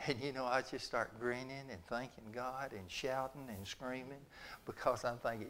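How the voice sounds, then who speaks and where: Older preacher guy spinning a yarn, mid pitch, a little hiss in the background. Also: fairly even intonation, normal speed, a bit bright. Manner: folksy, chatty storytelling with quoted dialogue. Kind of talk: storytelling sermon.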